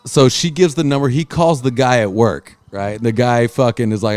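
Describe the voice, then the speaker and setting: A man hosting a casual chat, telling a story with loud acted-out quotes and frequent swearing. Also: medium pitch, fairly quick, no room sound. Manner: animated, swearing, acts out quotes loudly. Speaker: podcast host.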